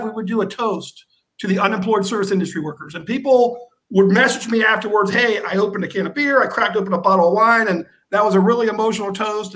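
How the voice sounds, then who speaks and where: A man, a guest in a casual live-stream interview, telling stories about his fundraiser in an animated, lively way. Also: high-pitched, low-quality recording. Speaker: guest, organizer of a service-industry fundraiser.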